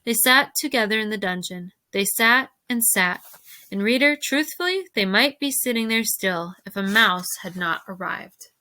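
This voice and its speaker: A woman teacher reading a novel aloud to her class, expressive, pausing to ask questions. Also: medium pitch.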